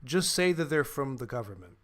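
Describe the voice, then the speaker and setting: A man playing a gruff middle-aged cop with offhand, casual delivery. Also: medium pitch, expressive, a little fast, crowd noise, close to an everyday voice.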